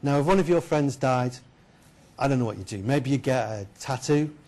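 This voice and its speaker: A man giving a keynote lecture, telling a story in a lively, chatty way and putting questions to the audience. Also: medium pitch, normal speed. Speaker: keynote speaker. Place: lecture hall.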